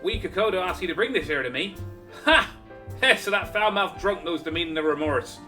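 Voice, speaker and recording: Brief: a man playing a gruff game tavern keeper, hearty and blunt, shaky put-on brogue, bright tense voice, pitched up. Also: brisk, faint music behind. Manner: attempted Irish brogue, calls the listener laddie. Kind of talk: reading game dialogue aloud in voices.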